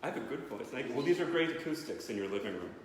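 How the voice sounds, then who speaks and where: A young man doing a rambling, excitable stand-up set in his parents' living room. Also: mid-range voice, racing, very echoey, in a large hall, crowd noise. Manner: rambling, self-interrupting and excitable. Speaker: stand-up comedian.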